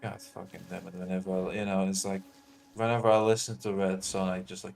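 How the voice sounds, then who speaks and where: A man's voice: deep voice, level tone, a little fast, vocal fry, darkish tone, faint music behind. A man joining a game livestream, talking casually in a laid-back way and swearing. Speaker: co-streamer. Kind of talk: casual gaming stream chat.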